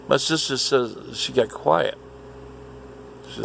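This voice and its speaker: A man telling a story in an animated, indignant rant, swearing often. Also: fairly low pitch, moderate pace, vocal fry, slight background noise. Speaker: vlogger. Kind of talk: casual ranting monologue.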